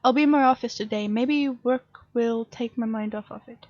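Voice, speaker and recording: A woman's voice: a little high, moderate pace, a little mellow, no echo, dull audio, lightly acted. A woman reading out the text messages of a grieving mother in a game, in a formal, pleading way, close to her own voice.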